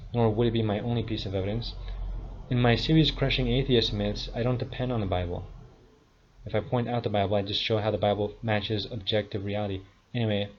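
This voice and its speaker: A man in his thirties giving a combative, scornful monologue rebuttal, full of insults. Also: fairly low pitch. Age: 30s. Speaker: video commentator. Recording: dull lo-fi sound.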